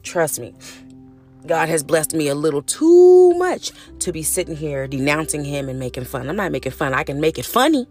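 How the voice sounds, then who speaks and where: A woman's voice: low voice, very animated, moderate pace, a little mellow, soft background music. Chatty, cussing middle-aged woman podcaster. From California. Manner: chatty, frank and cussing, calls listeners honey and baby. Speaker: podcast host. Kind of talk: casual solo podcast monologue.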